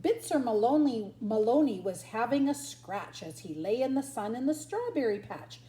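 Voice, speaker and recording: Older woman reading slowly, animated. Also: on the high side. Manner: sing-song, lively storyteller, barks and yips for the dogs. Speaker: grandmother reading to grandchildren. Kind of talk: reading a picture book aloud. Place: at home. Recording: roomy echo.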